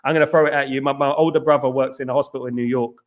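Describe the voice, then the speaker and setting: A middle-aged man from London hosting a casual live stream, reading viewers' comments and chatting back with repeated phrases and shout-outs. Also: mid-range voice, steady tone, racing, phone-quality sound. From London, England.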